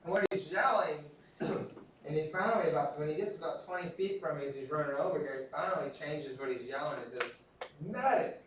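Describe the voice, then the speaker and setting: Lecturing in a big echoey classroom, a man from Texas tells casual, self-deprecating stories to his class. His voice is a little high, a bit bright, and fairly quick, with a little hiss or hum in the distant recording.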